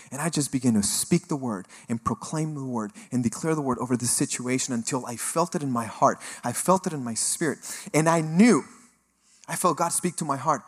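A middle-aged man from Mexico giving a sermon testimony, telling his story with animated energy and acting out the voices he quotes. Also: medium pitch, a little fast, husky. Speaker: guest speaker sharing testimony.

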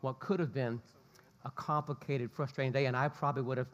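A man preaching a sermon, an animated storyteller who acts out the quotes he tells. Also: medium pitch, brisk, long reverb tail, dull audio. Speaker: pastor.

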